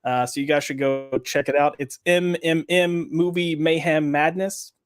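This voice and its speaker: A man's voice: on the high side, fairly even intonation, moderate pace. A man hosting a casual podcast, joking around and greeting chat viewers by name. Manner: joking, reads chat names aloud. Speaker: podcast host.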